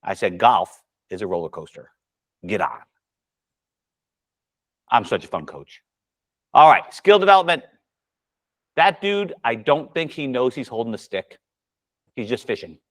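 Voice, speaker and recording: A man's voice: medium pitch, measured pace, pauses often. A man coaching golf at a seminar for fellow coaches, talking casually and acting out dialogue with his students. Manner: animated storyteller acting out dialogue.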